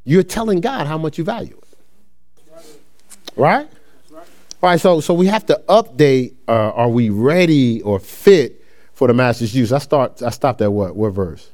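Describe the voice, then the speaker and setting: A man's voice: mid-range voice, expressive, unhurried, long pauses, a little mellow. A middle-aged man teaching a Bible study class in a conversational way, reading scripture and then explaining it with stories from his own life. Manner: restarts sentences and asks listeners "right?".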